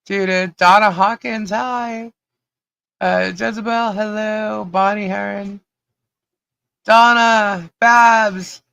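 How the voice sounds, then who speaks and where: A podcast co-host with a hoarse voice, cheerfully greeting viewers one by one on a live stream. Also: medium pitch, bright, forceful tone, no echo. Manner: giddy, laughing, greets viewers by name.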